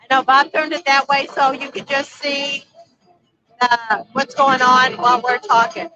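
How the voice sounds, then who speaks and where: A high, bright-voiced woman chats casually on a live stream from a noisy street, reading out viewer comments as they come in. Her voice is captured through a phone camera and sounds dull and lo-fi. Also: level tone, a little slow, faint music behind. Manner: reads viewer comments aloud, chatty. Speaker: vlog co-host reading live chat. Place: busy street outdoors at a motorcycle rally. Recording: dull lo-fi livestream audio.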